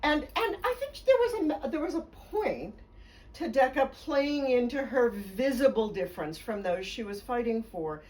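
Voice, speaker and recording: A woman's voice: fairly high pitch, sing-song, moderate pace, darkish tone, far from the mic, poor audio. Articulate woman telling stories, off-mic. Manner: fluent, emphatic, laughs along. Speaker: biographer. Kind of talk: conversational storytelling interview.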